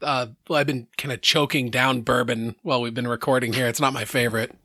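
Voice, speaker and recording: A man chatting casually as host, relaxed and easygoing. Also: medium pitch, brisk, no room sound, studio quality. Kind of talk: casual chat.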